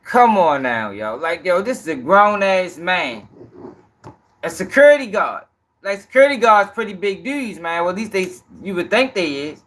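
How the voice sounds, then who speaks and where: High-voiced man mocking a news story. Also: big pitch swings, moderate pace. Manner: loud, laughing, profane and mocking. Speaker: commentary host. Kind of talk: reaction commentary on a news clip.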